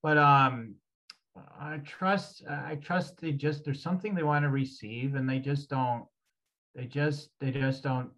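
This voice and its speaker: A man's voice: mid-range voice, fairly even intonation, a little slow, a bit bright, rough recording. A man hosting a talk as an energy healer, rambling and hesitant with many fillers. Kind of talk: casual conversation.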